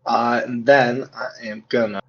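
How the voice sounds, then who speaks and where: A man's voice: medium pitch, level tone, unhurried, husky. A man playing a tabletop game over a call, wry and teasing. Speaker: player. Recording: muffled online call audio.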